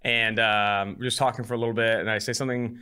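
A man's voice: mid-range voice, quick pace, clean tone. A man in his twenties hosting a podcast, chatting casually and telling stories with jokey energy. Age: 20s. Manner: animated storytelling, jokey. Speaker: podcast host.

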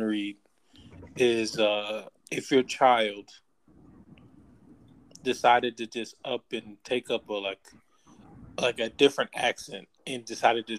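A man's voice: mid-range voice, poor audio. Man rambling through a hypothetical question. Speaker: podcast co-host. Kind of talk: casual chat.

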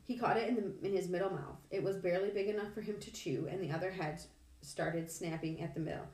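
A woman reading a novel aloud in a measured, steady storytelling manner. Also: fairly low pitch. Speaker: audiobook reader. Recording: echoey room, distant mic.

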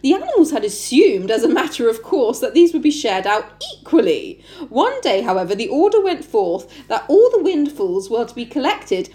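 A giggly woman reads a classic novel aloud for a podcast, her high voice bouncing up and down. She breaks off often for casual, chatty asides. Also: sing-song, moderate pace, mellow. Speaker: host reading a book aloud. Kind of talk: casual podcast reading and chat.

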